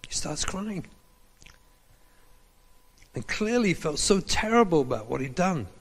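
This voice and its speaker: A man's voice: fairly high pitch, a little slow, breathy edge, long reverb tail. A man, a rabbi, giving a lecture and telling stories, acting out the dialogue in them. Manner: animated, acts out dialogue from his stories. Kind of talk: lecture with storytelling.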